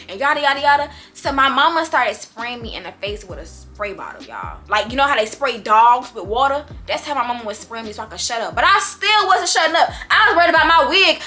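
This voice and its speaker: A young woman vlogger telling a story in a casual, animated, slangy way. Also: sits high, fast talker, few pauses.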